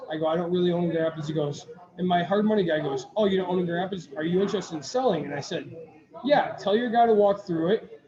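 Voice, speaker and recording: A man co-hosting a podcast, telling a long story in casual chat, rambling with restarts and quoting what others said. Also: fairly high pitch. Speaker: podcast co-host. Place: brewery taproom. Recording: echoey taproom with crowd chatter, dull sound.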